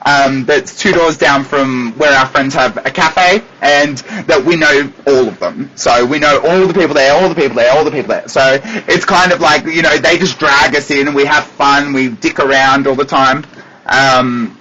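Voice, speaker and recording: An Australian man, a psychic medium, chatting casually with viewers on a livestream from his desk, animated and laughing often. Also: medium pitch, moderate pace. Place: at a desk at home. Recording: dull lo-fi livestream audio.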